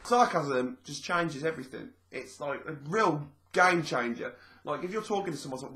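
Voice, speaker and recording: A man's voice: medium pitch, animated, fairly quick, sharp tone. A man talking casually to camera in a vlog, rambling a little and repeating his phrases as he explains things. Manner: chatty and rambling, repeats phrases, acts out quoted speech. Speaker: vlogger.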